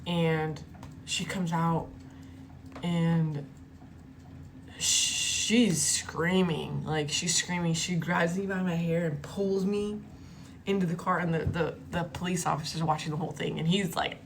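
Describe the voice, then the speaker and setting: A woman vlogger telling a personal story in a casual, animated way, cursing freely and acting out the quotes. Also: on the low side, a little slow, slight background noise. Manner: animated, profane, acts out the quotes.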